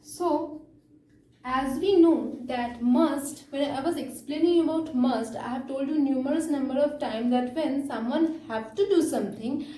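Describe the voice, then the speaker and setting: A woman teaching an English grammar lesson, explaining slowly with frequent fillers and check-ins like "okay?". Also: high-pitched, mellow, reverberant, poor audio.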